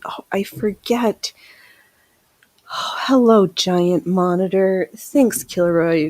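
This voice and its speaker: Woman host on a sewing livestream, unhurried talk, laughing a lot, answering chat. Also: medium pitch, no room sound. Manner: chatty, laughs often, reads viewer comments aloud. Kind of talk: casual live chat while sewing.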